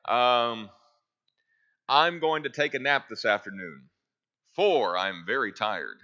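A man's voice: medium pitch, animated, slow pace, bright, forceful tone, dull audio. A man teaching a Bible class, reading verses aloud and asking his listeners questions that he then answers himself.

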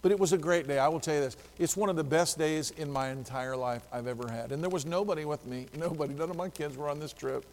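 A male pastor preaching a sermon, telling a story lively and acting out the dialogue. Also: a little high, fast, hardly any pauses, long reverb tail, a little hiss or hum.

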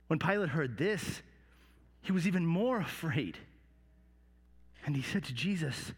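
A man's voice: on the high side, slightly rough, big-room sound. A man narrating as a remorseful Roman soldier. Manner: storytelling with hushed dips and halting repeats. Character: remorseful Roman soldier telling his story. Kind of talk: dramatic first-person monologue.

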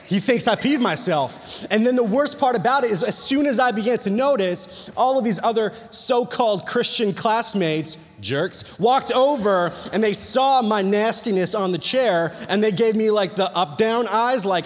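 High-voiced young man preaching in a hall. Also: moderate pace. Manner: animated, chatty storytelling with many "like"s. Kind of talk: storytelling sermon.

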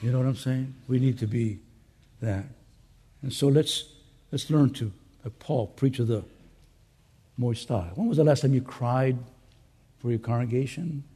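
A male pastor preaching a conference sermon to fellow pastors, swinging between loud urging and soft earnest asides, with joking conversational remarks. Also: mid-range voice, measured pace, long pauses, breathy edge.

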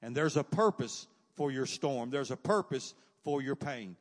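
A man preaching a sermon, moving from quiet asides to loud, emphatic cries. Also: medium pitch, expressive, a little slow, big-room sound.

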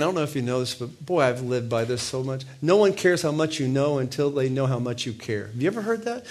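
A man preaching a sermon, impassioned and full of rhetorical questions, slowing down to read scripture aloud. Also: a little high. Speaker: pastor.

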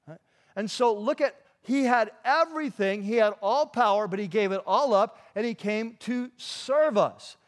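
A man's voice: high-pitched, moderate pace. A man preaching a sermon in a conversational way, with frequent restarts and asides to the congregation. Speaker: pastor.

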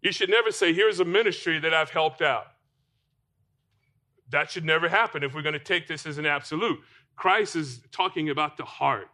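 Bright-voiced man preaching. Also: fairly high pitch, normal speed. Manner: rhetorical questions to the congregation. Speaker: pastor. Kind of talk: sermon.

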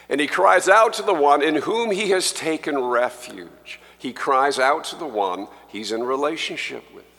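Male pastor, sermon delivery, slow and emphatic, bright tone, long church reverb. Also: on the high side. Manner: slow, emphatic preaching that rises when quoting scripture. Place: church sanctuary.

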